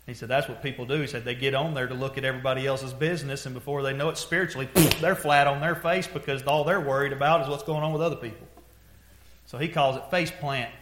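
Folksy preacher in an echoey room. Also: male voice, medium pitch, fairly even intonation, fast talker. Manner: folksy storytelling, swings from hushed grief to loud exhortation. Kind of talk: sermon.

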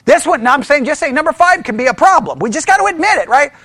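A man teaching a church Bible study in an animated way, often checking with the class and acting out the voices of people who disagree. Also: very high-pitched, fast, no room sound. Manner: animated, talks to the class with frequent "right?" checks; mimics opponents in mocking quoted voices.

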